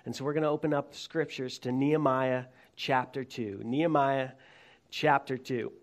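A man's voice: mid-range voice, fairly even intonation, moderate pace. A man preaching a sermon to his congregation, talking conversationally and joking with them. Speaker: pastor. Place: church.

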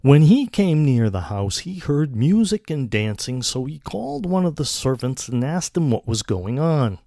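A man preaching a sermon in a measured, deliberate way. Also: mid-range voice, very animated, creaky, warm tone, dry recording, studio quality.

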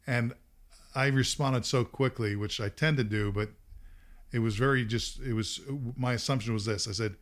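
A man's voice: mid-range voice, steady tone, moderate pace. A middle-aged man hosting a podcast, telling a story in casual talk, laughing often and acting out quotes. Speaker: podcast host.

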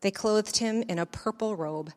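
A woman reading the creed and scripture aloud in church at a measured, deliberate pace. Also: mid-range voice, a little mellow, long reverb tail. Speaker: lay scripture reader.

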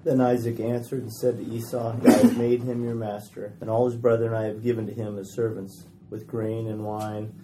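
A man's voice: on the low side, level tone, moderate pace, few pauses, noisy background. A man in a Bible study group reading scripture aloud, some distance from the mic.

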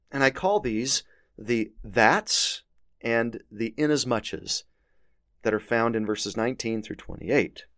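A religious teacher gives a scripture lesson, reading verses aloud with earnest emphasis. His mid-range voice comes through clean studio sound with no echo.

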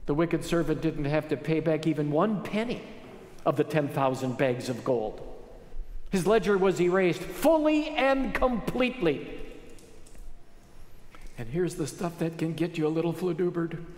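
A man preaching a sermon as pastor, with animated, emphatic rises on key phrases. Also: on the high side, measured pace. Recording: echoey hall with long reverb.

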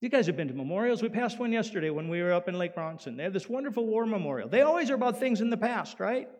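A male pastor preaching a sermon in an animated way, swinging from loud emphasis down to quiet. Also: high-pitched, quick pace. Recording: long hall reverb.

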